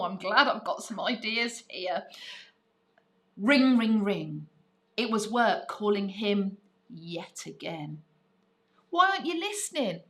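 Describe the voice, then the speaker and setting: A woman's voice: medium pitch, a bit bright. A woman teaching a live writing lesson, thinking aloud and encouraging her pupils with playful emphasis.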